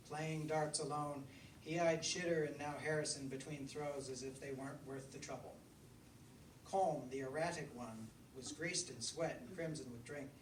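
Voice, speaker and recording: A man with a fairly high voice reads his own story to a live audience in a bookstore. He sounds relaxed and chatty between passages. The mic sits far off in a roomy space with a clear hum of noise behind him. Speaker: author reading his fiction. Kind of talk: live reading at a book launch. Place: bookstore event room. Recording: echoey room, distant mic, crowd hum.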